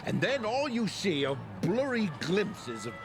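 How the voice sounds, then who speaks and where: A man's voice: high voice, very animated, unhurried. An actor playing a grumpy old man in a game, grumbling and lecturing like a jaded critic. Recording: game audio over clear music.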